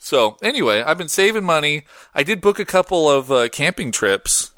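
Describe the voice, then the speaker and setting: A man's voice: normal speed, no echo. A man hosting a podcast in casual chat, laid-back and slangy. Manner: laid-back, slangy, swings up in pitch when excited. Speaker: podcast host.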